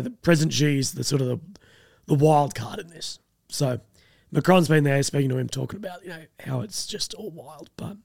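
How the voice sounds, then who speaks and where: Creaky young Australian man, dry sound. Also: on the high side, no echo. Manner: rambling, hesitant, sardonic. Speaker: co-host. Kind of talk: casual chat.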